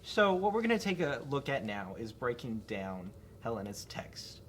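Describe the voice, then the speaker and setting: A man's voice: mid-range voice, very animated, normal speed, a little hiss or hum. A man hosting an educational theatre video, asking friendly prompting questions. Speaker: interview host.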